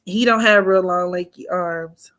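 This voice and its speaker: A woman with a fairly low, fairly bright voice speaks a little slowly while hosting an astrology livestream. She teases playfully, laughs often, keeps the chat casual, and now and then drops to almost a whisper.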